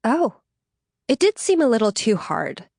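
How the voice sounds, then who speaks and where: A woman's voice: sing-song, a little slow, gravelly, a little mellow, no room sound, clean studio sound, heavily acted. A woman voicing a flustered, teary young friend. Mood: tearful, flustered. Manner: breathless, high and apologetic. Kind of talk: audiobook dialogue reading.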